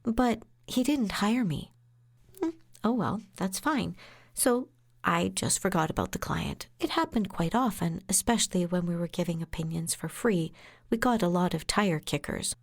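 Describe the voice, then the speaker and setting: A woman who is a lawyer and podcast host, telling an anecdote in a lively way, acting out quotes and laughing along. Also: lowish voice, moderate pace. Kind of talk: anecdotal storytelling.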